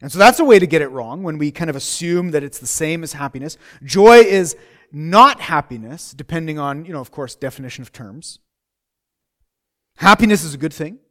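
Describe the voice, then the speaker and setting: A middle-aged man preaching a sermon, his voice sitting a little high. He talks to the room in a conversational way, circling back over his phrases and asking rhetorical questions. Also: lively intonation, normal speed, fairly bright tone.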